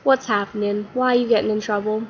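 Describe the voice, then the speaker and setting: A woman's voice: medium pitch, fairly even intonation, fast talker, dull audio, a little hiss or hum, natural voice. A woman voicing a stern male school principal who scolds and pushes for answers.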